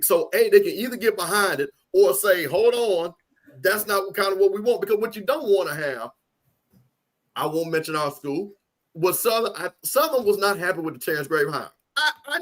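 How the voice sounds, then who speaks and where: Man co-host with a high voice, emphatic and repetitive, casual sports talk. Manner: emphatic, repeats points for stress.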